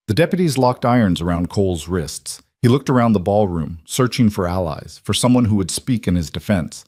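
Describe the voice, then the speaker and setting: A man narrating a western story in a measured, dramatic way. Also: fairly low pitch, lively intonation, darkish tone, breathy edge, no room sound, clean studio sound. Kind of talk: scripted narration.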